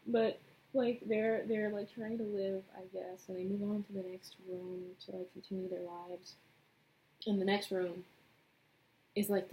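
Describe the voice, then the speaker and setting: A woman's voice: on the low side, warm tone, a little hiss or hum, poor audio. A young woman vlogger chatting casually as she retells a movie plot and does her makeup, rambling with lots of fillers. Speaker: beauty vlogger.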